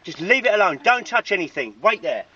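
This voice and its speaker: A man's voice: high-pitched, big pitch swings, brisk, sharp tone, a little hiss or hum. A man fixing a car outdoors, stern and exasperated, yelping when he gets a shock. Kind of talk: home video banter. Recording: distant, dull home recording.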